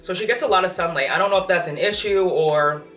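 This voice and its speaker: This plant vlogger talks fast in a low, slightly bright voice. Young and pregnant, she runs enthusiastically through a laid-back update on her plants, a little winded, from an apartment room full of them. Faint music plays, and her voice sounds distant in the echoing room.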